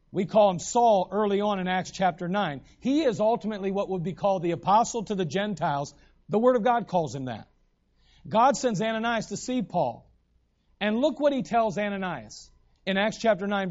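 A man preaching a sermon in an animated way, acting out the voices in the stories he retells. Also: sits high, highs cut off.

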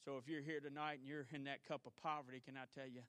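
A male pastor with a Southern US accent preaching a sermon, swinging between shouted exhortation and quiet storytelling. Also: medium pitch, flat delivery, fast talker, clear, resonant tone, dry recording. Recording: archived church service.

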